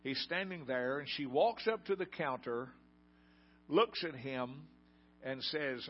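Folksy older preacher telling a story. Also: male voice, medium pitch, slow, husky. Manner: folksy storytelling, asks the congregation questions. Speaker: pastor. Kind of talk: sermon. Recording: dull lo-fi sound.

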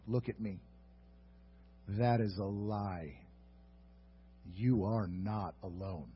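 A pastor preaching a sermon in an earnest way, moving between hushed reflection and fervent exhortation. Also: male voice, mid-range voice, drawn-out words, breathy edge, dull audio.

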